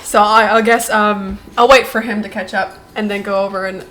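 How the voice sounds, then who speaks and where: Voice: mid-range voice, little pitch movement, normal speed, bright, forceful tone, slight background noise. A player in a tabletop game, playful and laughing, giving short replies.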